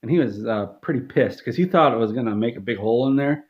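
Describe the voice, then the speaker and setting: Man, deadpan comic storyteller, mid-pitched, dull lo-fi recording. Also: fast talker. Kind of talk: comedic storytelling.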